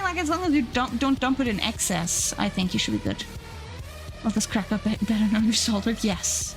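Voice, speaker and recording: A woman streaming live and chatting casually with her viewers, repeating herself and gushing in high squeals. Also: big pitch swings, moderate pace, soft background music.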